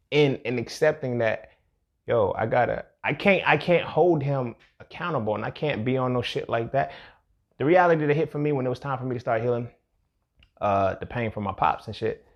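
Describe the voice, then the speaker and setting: A man's voice: mid-range voice, brisk, highs cut off. A man hosting a show, talking casually and reflectively, with lots of profanity and streetwise phrasing. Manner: profane, streetwise, reflective, says "you feel me" often. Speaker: podcast host. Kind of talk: casual personal monologue.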